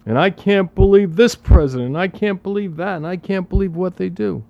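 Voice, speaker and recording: A man putting on a high, whiny worrier who frets and complains in an exasperated rush. The voice jumps up well above the speaker's own and comes through a dull, lo-fi recording. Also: big pitch swings, brisk, creaky, heavily acted. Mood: fretful. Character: fretful man upset at the news.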